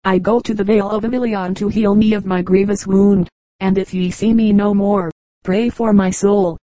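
A woman's voice: mid-range voice, steady tone, normal speed, dark tone, dry recording, natural voice, rough recording. A woman voicing a dying king who speaks in solemn, archaic commands in a storybook reading. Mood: grave.

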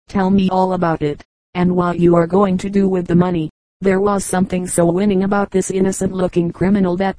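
A woman reading a children's story aloud as an audiobook narrator, in an even, measured way. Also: on the low side, no room sound, rough recording. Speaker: audiobook reader. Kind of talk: scripted narration.

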